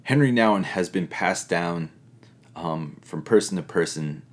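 A middle-aged man, a pastor, giving an earnest, reflective teaching talk with pauses and fillers. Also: low-pitched.

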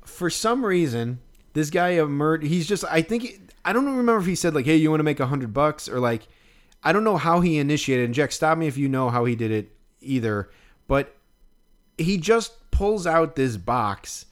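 A man's voice: a little high, big pitch swings, moderate pace. A man telling a long story in casual chat, rambling and swearing freely as he goes.

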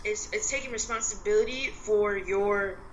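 A woman co-hosting a casual podcast discussion, speaking in a measured, reflective way with frequent "like" and "um". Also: medium pitch, highs cut off, a little hiss or hum. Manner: measured and reflective, with many "like" and "um" fillers.

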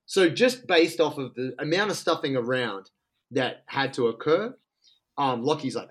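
An excitable Australian man telling a story in casual, slangy talk. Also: mid-range voice, moderate pace.

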